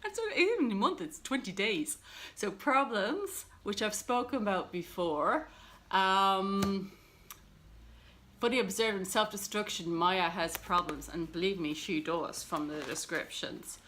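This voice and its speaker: A woman's voice: mid-range voice, takes it slowly, fairly bright tone, slight background noise. A woman talking casually to camera about her books, rambling and self-deprecating with plenty of fillers. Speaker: book vlogger.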